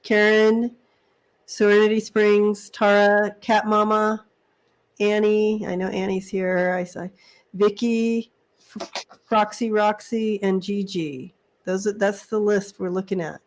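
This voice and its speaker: A woman's voice: medium pitch, little pitch movement, slow. A middle-aged woman co-hosting a casual live stream, chatty, laughing often and repeating her words. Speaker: psychic reader, co-host.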